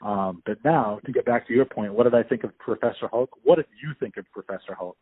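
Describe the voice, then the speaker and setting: A man's voice: mid-range voice, brisk, slightly rough, dry recording. A man hosting a podcast, chatting casually and enthusiastically over the phone, rambling with restarts. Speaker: podcast host. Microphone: phone call. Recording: tinny phone line.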